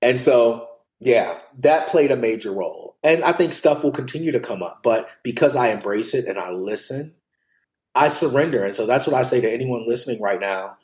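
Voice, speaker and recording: Male podcast guest, confessional storyteller, mid-range pitch, sincere and candid. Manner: earnest, heartfelt, confessional, with quiet hushed passages. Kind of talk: personal storytelling in an interview.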